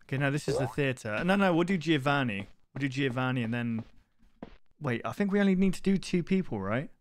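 A man's voice: medium pitch, animated, fairly quick. Rambling gaming streamer guy. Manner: rambling, easily sidetracked, swears often. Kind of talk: live-stream gameplay commentary.

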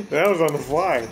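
A man's voice: sits high, noisy background. A man giving casual, profane gameplay commentary, laughing often and trash-talking his opponents.

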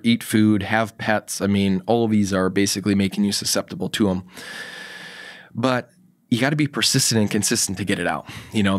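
A man's voice: on the low side, no echo. A man speaking as a guest health expert in a podcast interview, telling a personal story in a casual way and acting out the quoted dialogue. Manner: casual, acts out quoted dialogue in his anecdotes; fillers and restarts, emphatic.

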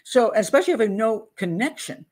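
A woman hosting a casual commentary show as a criminal profiler, rambling and self-deprecating, often pausing to search aloud for her notes. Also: fairly high pitch, animated, a little mellow.

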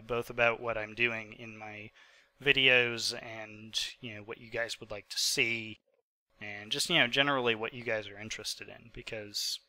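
A fairly low, pushed, bright male voice on a dry recording. The speaker, a gaming channel host aged twenty-five, is sick and hiccups as he chats loosely over gameplay he recorded earlier, with many fillers.

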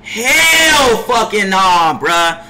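A young man streaming a basketball game, cursing at teammates, trailing into low mutters, sometimes shouting from farther off the mic. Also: very animated, extremely slow, heavy background noise. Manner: frustrated trash talk, profanity-heavy, drops into low mutters; bursts into far-off shouts at teammates. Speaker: gaming streamer. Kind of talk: live gameplay commentary.

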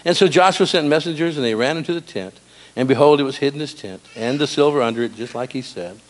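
A man preaching a sermon in a church, animated and storytelling with humor. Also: medium pitch, fast. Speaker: pastor. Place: church sanctuary.

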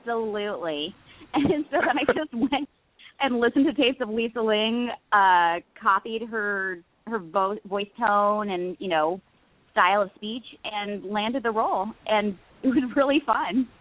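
Speaking a little slowly with a medium pitch and no echo, a woman in her thirties joins a casual interview by phone. The guest actress is a bubbly storyteller who laughs a lot.

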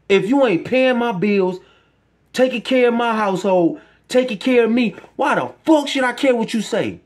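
A man's voice: sits high, animated, brisk. Impassioned ranting man. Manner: impassioned, profane, preachy ranting. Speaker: vlogger. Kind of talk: emotional monologue to camera.

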